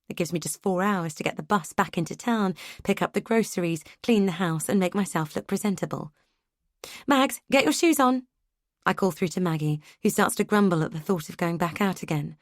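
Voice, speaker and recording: Woman audiobook narrator, measured reading, lowish voice, dry close sound. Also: no room sound. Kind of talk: scripted narration.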